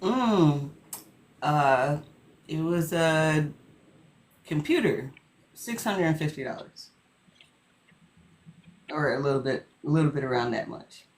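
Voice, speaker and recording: Slow-talking, lively-pitched woman guest. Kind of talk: casual chat.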